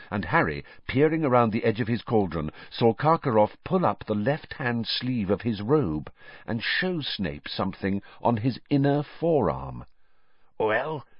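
A man reading a story aloud in scripted narration, expressive and voicing the characters, on a dull, dry recording. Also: on the low side, slightly rough, dry recording. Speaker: audiobook narrator.

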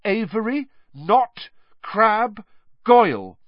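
A man voicing a desperate teenage boy wizard who shouts urgently from his sickbed. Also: high-pitched, big pitch swings, very slow, no room sound, pitched above the performer's own voice, exaggerated voice. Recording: dry, dull lo-fi recording.

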